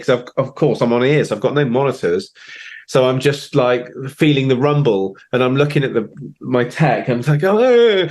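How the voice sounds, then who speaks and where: A man, a drummer guest chatting casually and acting out quotes as he tells stories. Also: medium pitch. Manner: animated storyteller, acts out quotes. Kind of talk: casual chat.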